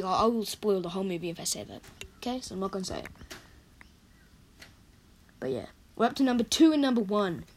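Young woman, croaky voice today, rambly casual vlog chat, keeps fixing herself. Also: fairly high pitch, a little hiss or hum. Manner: rambling, chatty, self-correcting. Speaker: vlogger. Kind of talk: casual movie countdown chat.

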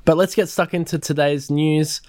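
A man's voice: fairly high pitch, fairly even intonation, normal speed, darkish tone, no echo, clean studio sound. A man hosting a casual podcast in an upbeat, enthusiastic way. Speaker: podcast host.

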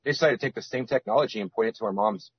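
A man's voice: mid-range voice, big pitch swings, racing, vocal fry, slightly rough. A man as a podcast guest, rambling with many restarts and fillers. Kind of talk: casual podcast interview. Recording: dull lo-fi sound.

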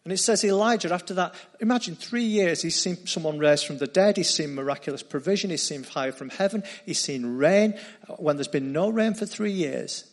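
Brief: male preacher, higher voice, earnest storytelling sermon. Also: normal speed, few pauses.

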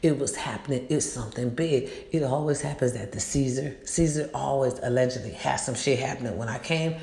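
A middle-aged woman, a mother, telling a casual story in a blunt, animated way and swearing freely. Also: very deep voice, fairly quick. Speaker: vlogger. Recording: echoey room.

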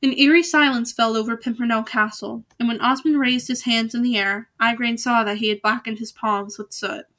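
A woman's voice: on the high side, steady tone, normal speed, hardly any pauses, fairly bright tone. A woman reading a novel aloud in a casual way, with small slips and restarts. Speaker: reader.

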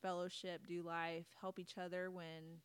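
A woman's voice: on the low side, level tone, unhurried, clean tone. A middle-aged woman co-hosting a casual faith-based chat, bubbly, laughing often and acting out quotes. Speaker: podcast co-host.

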